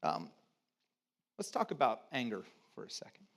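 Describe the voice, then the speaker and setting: A man preaching a sermon as pastor, talking conversationally to the congregation and swinging between loud emphasis and quiet, low asides. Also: huge pitch swings, moderate pace. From United States (Texas, California). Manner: conversational, invites congregation to repeat words.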